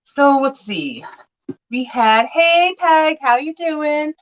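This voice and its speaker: A woman's voice: high-pitched, expressive, takes it slowly, lo-fi sound. A woman selling vintage glass on a live sale, chatting and telling stories with playful voiced quotes.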